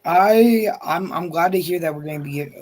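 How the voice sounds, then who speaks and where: A man's voice: on the high side, normal speed, a little mellow. A man speaking as a guest on a sports podcast, hesitant and full of fillers. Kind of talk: casual sports podcast chat.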